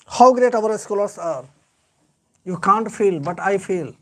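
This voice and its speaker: A man's voice: sits high, expressive, a little slow, fairly bright tone. A man with an Indian English accent teaching an English grammar lesson live, lecturing earnestly and repeating key points with heavy stress.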